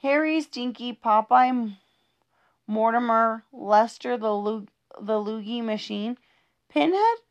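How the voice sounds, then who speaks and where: A woman reads funny rhyming poems for kids with a bouncy, sing-song lilt. Her voice sits a little high, and she stumbles now and then as she reads. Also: steady tone, takes it slowly, clean tone, dull audio. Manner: playful, sing-song rhythm with small stumbles. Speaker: reader of children's poems. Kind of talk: reading humorous rhyming poems aloud.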